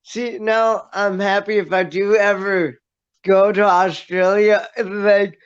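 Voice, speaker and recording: A man's voice: sits high, little pitch movement, slow pace, clean tone, dull audio. A man in casual chat, laid-back, giving short replies and laughing along.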